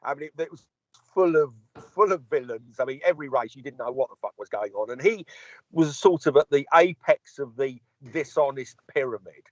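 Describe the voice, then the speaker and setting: A man's voice: medium pitch, lively intonation, brisk, dry recording. Sweary man spinning a long yarn. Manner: long-winded anecdotes, sweary, acts out quoted dialogue. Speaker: podcast co-host. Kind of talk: casual storytelling chat. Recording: dull lo-fi podcast audio.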